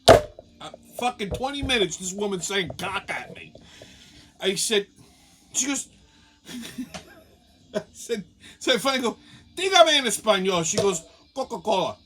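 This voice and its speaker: A man's voice: sits high, expressive, moderate pace, pauses often, fairly bright tone. A man hosting a show, telling a rambling comic story full of profanity. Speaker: show host.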